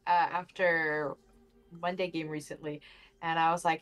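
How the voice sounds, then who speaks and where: A woman's voice: low-pitched, measured pace, faint music behind. Emphatic woman player. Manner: emphatic, piles up words when excited. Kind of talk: casual chat after a tabletop game.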